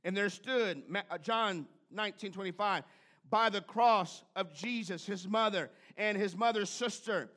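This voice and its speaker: A pastor's high-pitched, somewhat bright voice fills the church sanctuary as he preaches a little slowly. He calls out to the congregation in call-and-response fashion, his fervor building as he goes.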